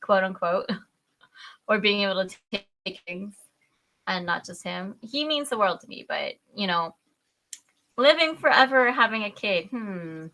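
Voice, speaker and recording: A young woman appears as a podcast guest, telling a story in animated, casual chat. She laughs often and acts out her own reactions with loud squeals, her voice medium in pitch and her delivery unhurried.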